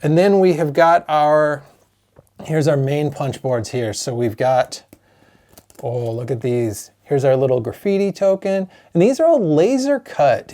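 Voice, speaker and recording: A man, a board game designer chatting excitedly through an unboxing of his own game, openly emotional. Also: a little high. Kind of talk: unboxing vlog.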